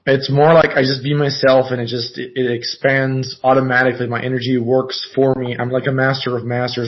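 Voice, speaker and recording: Guy on a video call rambling on, pretty monotone, lots of ums, muffled audio. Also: mid-range voice. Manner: meandering, halting, many fillers and restarts. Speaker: caller. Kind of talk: rambling casual chat.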